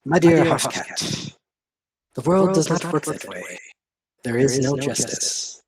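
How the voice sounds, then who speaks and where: A man's voice: a little high, lively intonation, darkish tone, husky, dry recording, heavily acted, rough recording. A man doing a smug cruel noble. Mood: mocking. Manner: slow, mocking and condescending. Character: smug cruel male noble slaver, sneering.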